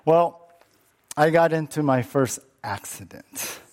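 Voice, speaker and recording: Slow-talking male pastor. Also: on the high side, darkish tone. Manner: conversational, repeats words, asks listeners questions. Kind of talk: sermon.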